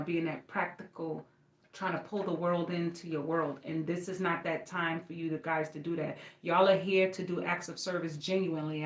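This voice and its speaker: A woman with a fairly low voice gives a casual astrology reading, rambling and slangy as she talks straight to her viewers. The room adds a noticeable echo around her voice. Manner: loose, slangy, rambling, addresses viewers as y'all. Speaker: astrology reader. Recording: roomy echo.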